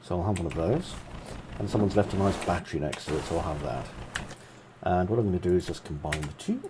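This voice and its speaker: Casual, chatty game developer with a low voice and faint background noise. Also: male voice, fast. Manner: chatty and self-mocking, with frequent asides. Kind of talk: casual gameplay commentary.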